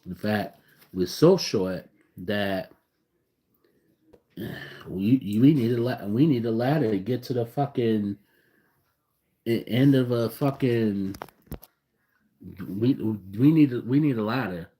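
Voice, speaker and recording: A man in an unscripted reaction rant, his voice sitting at an ordinary middle pitch. He cusses freely and swings between loud, fired-up outbursts and low, grumbling asides. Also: slow, pauses often. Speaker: sports fan vlogger.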